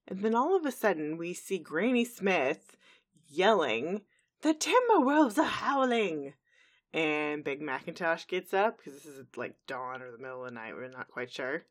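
A woman with a notably low, deep voice co-hosts a casual podcast. She talks chattily and loosely, recapping scenes as she goes and filling the gaps with easy fillers. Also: expressive, normal speed. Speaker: podcast co-host. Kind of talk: casual podcast episode review.

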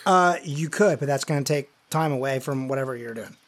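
A man's voice: medium pitch, fairly quick, a little hiss or hum. A man narrating a tabletop game as game master, rambling and full of fillers like "like" and "you know".

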